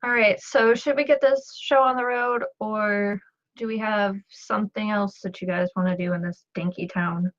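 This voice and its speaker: A woman playing a tabletop game, brisk and decisive. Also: medium pitch, fairly even intonation. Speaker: player. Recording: dull lo-fi mic.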